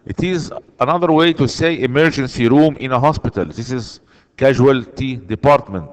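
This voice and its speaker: A man's voice: mid-range voice, moderate pace, big-room sound. A man teaching an online English lesson, patiently repeating key words and answers.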